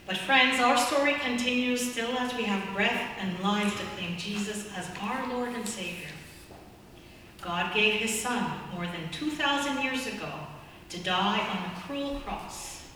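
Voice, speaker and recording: A woman preacher with a bright voice who tells a story in a steady sermon style. She is heard from a distance in a large hall with a long reverb. Faint noise sits underneath. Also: medium pitch, measured pace. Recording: echoey hall from far off.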